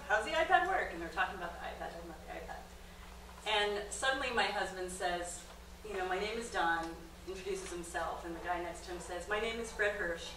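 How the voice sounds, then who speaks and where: A middle-aged woman, a documentary filmmaker, giving a comedic storytelling talk on stage and acting out the voices in her story. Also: a little hiss or hum. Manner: animated storyteller, acts out quotes with big pitch jumps. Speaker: guest lecturer, documentary filmmaker. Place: comedy club stage with audience. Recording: roomy live-venue sound, distant mic.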